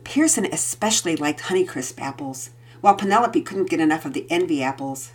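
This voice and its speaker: Breathy, expressive storybook narrator woman. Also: sits low, fairly quick. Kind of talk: storybook read-aloud narration.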